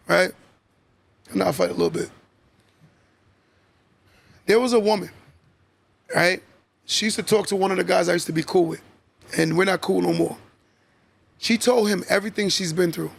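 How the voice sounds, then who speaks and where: Gravelly high-voiced man preaching. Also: normal speed, long pauses. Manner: emphatic, repetitive, keeps asking "right?". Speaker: podcast host. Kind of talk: preachy motivational podcast talk.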